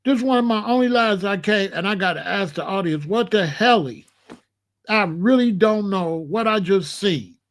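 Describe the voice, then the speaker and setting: This man, who hosts a commentary channel, has a high-pitched, expressive voice and talks at a normal speed. On his live reaction stream he addresses chat in a relaxed way, says things more than once, and poses questions to the audience.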